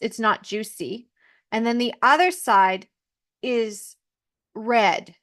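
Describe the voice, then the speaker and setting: Chatty higher-voiced woman telling a story. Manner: chatty, animated retelling with asides. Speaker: podcast host. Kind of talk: casual storytelling.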